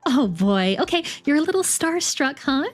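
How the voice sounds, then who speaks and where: A woman's voice: high-pitched, sing-song, normal speed, soft background music, pitched above the performer's own voice. A woman voicing a space probe, a cheerful, encouraging older sister. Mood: upbeat. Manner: upbeat, coaxing, encouraging.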